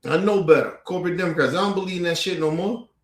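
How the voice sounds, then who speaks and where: A man's voice: high voice, quick pace, echoey room. A man hosting a commentary show, ranting angrily and profanely at clips with mocking rhetorical questions. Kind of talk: profane angry reaction rant.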